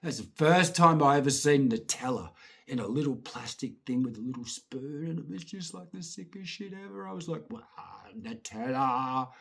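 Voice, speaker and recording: A middle-aged Scottish man telling childhood stories in a casual, lively way, acting out voices and swearing now and then. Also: on the high side, a little fast, vocal fry, slightly rough. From Scotland. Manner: lively, laughing, swears, acts out voices and sounds. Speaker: storyteller. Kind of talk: casual anecdotal storytelling.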